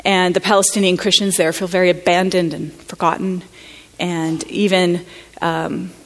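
A woman from the United States speaking at a conference, telling a personal story in an earnest, halting, reflective way. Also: lowish voice, level tone. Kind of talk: personal testimony talk.

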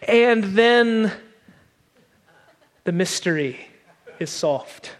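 A man with a high voice preaching on a microphone, spinning an animated, self-deprecating story. His words carry the long reverb of a large hall. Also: moderate pace. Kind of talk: sermon storytelling. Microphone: wearing a microphone.

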